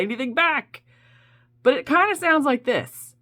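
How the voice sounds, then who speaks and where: A woman's voice: high-pitched, sing-song, moderate pace, fairly bright tone. A woman hosting a playful comic nature monologue, coaxing listeners and imitating owl, wolf and bullfrog calls. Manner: playful, mimics animal calls. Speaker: nature show host.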